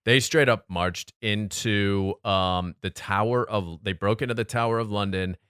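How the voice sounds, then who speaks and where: A man's voice: lowish voice, a little slow, a bit bright, clear, resonant tone, no room sound, clean studio sound. A man co-hosting a podcast, telling a history story in a loose, swearing, casual way. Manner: loose storyteller, swears freely, frequent ums.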